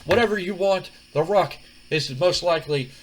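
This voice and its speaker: A man's voice: sits high, moderate pace, a little hiss or hum, voice pushed up, lightly acted, low-quality recording. A man doing a brash third-person-talking movie star. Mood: boastful. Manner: talks about himself in third person, swaggering. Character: cocky male movie-star wrestler, brash and boastful.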